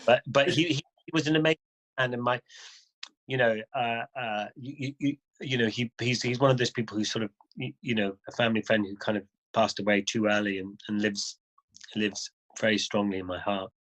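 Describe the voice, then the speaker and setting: A man as an interview guest, telling a story in a casual, animated way, often restarting phrases and chuckling. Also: on the low side, a little fast, poor audio.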